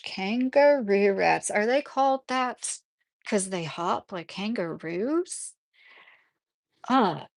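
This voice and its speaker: A woman hosts a casual live stream from her rural home, answering her chat and rambling through stories. She is chatty and fills her speech with frequent fillers, and her medium-pitched voice has vocal fry.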